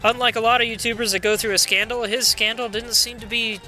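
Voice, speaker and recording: Bright, high-voiced casual male gamer. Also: little pitch movement, quick pace, soft background music. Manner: chatty, casual, reads dialogue aloud. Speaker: gameplay commentator. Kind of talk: let's play commentary.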